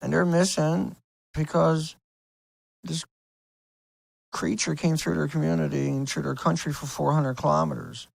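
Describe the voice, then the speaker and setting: Male video host, slightly high gravelly voice, rambling and insistent, dry close mic. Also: little pitch movement, a little slow, pauses often, no room sound. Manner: rambling, insistent, rhetorical questions. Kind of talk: casual explainer over screen pictures.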